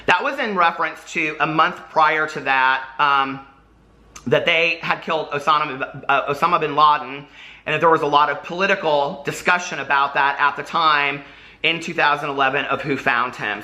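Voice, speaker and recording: A man in a vlog who explains himself in a halting, earnest way, with many fillers. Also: on the high side, pushed and bright. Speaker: vlogger explaining old posts. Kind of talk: apology video monologue.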